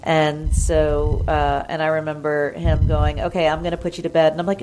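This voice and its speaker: Woman, podcast guest, lowish voice, casual storytelling, lots of fillers, acts out quotes. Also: little pitch movement, fairly quick, few pauses, background noise. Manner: chatty, gushing, full of fillers and acted-out quotes. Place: podcast studio.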